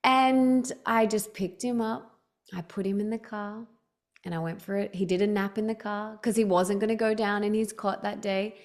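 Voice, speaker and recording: A woman's voice: medium pitch, fairly even intonation, a little mellow. Chatty woman telling stories. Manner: chatty storytelling, quick restarts, lots of "like". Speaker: podcast guest. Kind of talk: casual interview chat.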